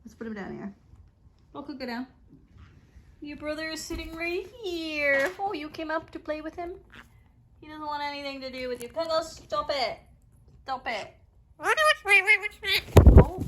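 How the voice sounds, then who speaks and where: A woman's voice: sits high, moderate pace, long pauses, noisy background. A woman at home talking baby talk to her pet parrots. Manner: sing-song baby talk to birds. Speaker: pet owner. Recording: loud parrot squawks behind.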